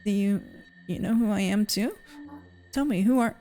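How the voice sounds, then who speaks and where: A woman's voice: medium pitch, normal speed, dark tone, soft background music, voice pushed up, lightly acted. A woman voicing a frightened, confused young woman who asks anxious, pleading questions, as fan voice acting of a game.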